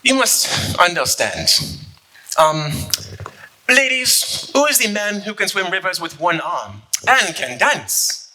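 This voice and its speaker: Slow, sharp and high-pitched, this actor's very animated full character voice brags pompously and theatrically with a put-on French accent. He's playing a conceited, flirtatious eighteenth-century French noble, fencer and composer in a comic stage skit, captured on a rough recording with slight background noise.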